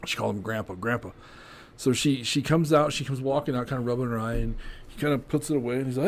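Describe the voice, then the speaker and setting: A man's voice: mid-range voice, fast. A man hosting a podcast, telling crude stories in casual chat and laughing often. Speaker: podcast host.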